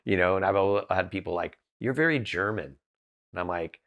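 Recorded with lo-fi sound, a man speaks a little fast in a low voice. He's a Southern California business founder guesting on a podcast, bluntly recounting candid stories and often breaking off to restart sentences.

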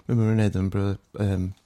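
Brief: low-pitched English man, casual podcast co-host, amused storyteller, dry mic. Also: little pitch movement, a little slow, dark tone, dry recording. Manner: amused, laughs while telling stories. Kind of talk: casual banter.

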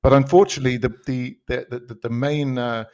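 A man with a London English accent chats on a comedy podcast at an everyday pitch. He tells stories in a dry, joking way, restarting phrases as he goes. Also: fairly even intonation, fairly quick, darkish tone. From England. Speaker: podcast co-host. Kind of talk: casual comedic chat.

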